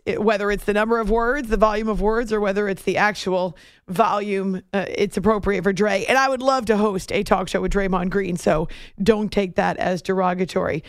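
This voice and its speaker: A woman's voice: mid-range voice, dry recording, clean studio sound. Wry woman hosting sports talk. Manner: chatty, wry, laughs between points. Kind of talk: sports commentary.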